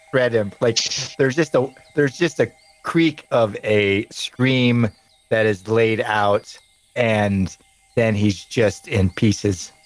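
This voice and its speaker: A man narrating a tabletop game as game master, describing scenes in an unhurried, drawn-out way. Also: fairly low pitch, low-quality recording.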